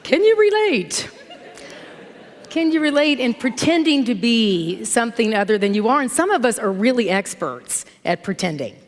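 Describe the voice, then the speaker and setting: A middle-aged woman minister giving a sermon in a church, telling stories in an animated, conversational way. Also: fairly high pitch, normal speed, hardly any pauses. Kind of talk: sermon with storytelling. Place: church sanctuary. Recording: long hall reverb from church.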